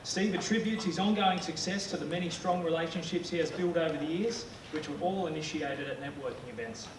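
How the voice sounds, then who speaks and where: A man's voice: on the high side, brisk. A man acting as MC, reading a prepared introduction of the next speaker. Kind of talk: formal introduction. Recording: echoey hall, far from mic, noisy.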